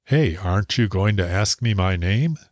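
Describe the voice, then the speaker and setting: A perky, friendly furry canine alien in a storybook, voiced by a man. He speaks warmly and directly. The voice is deep and recorded dry and close. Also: expressive, normal speed, no room sound.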